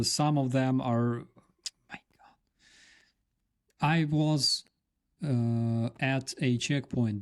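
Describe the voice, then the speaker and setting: A man's voice: medium pitch, a little mellow. A man from Ukraine, a veteran guest on a podcast, talking casually with many fillers and frequent swearing. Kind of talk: casual interview chat.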